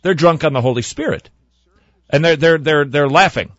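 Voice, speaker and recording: Male talk radio host, sarcastic and animated, higher voice, dry studio sound with muffled highs. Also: moderate pace, no echo. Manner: animated, sarcastic, swings between loud and hushed asides. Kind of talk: critical commentary on sermon clips.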